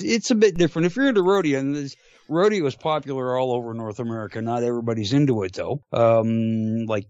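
Halting canadian man, very dry sound. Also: medium pitch, no echo, highs cut off. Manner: halting, many fillers. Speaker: podcast host. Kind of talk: casual chat.

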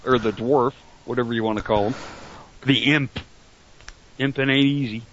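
A man's voice: medium pitch, steady tone, normal speed, dull audio, slight background noise. A man co-hosting a casual podcast, chatty and joking with frequent laughs. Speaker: podcast co-host. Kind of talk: casual chat.

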